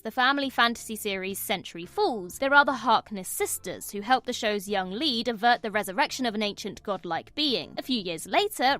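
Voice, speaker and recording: Woman hosting a trivia countdown, bouncy animated voice, a bit high, jokey little asides. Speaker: host. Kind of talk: scripted trivia narration.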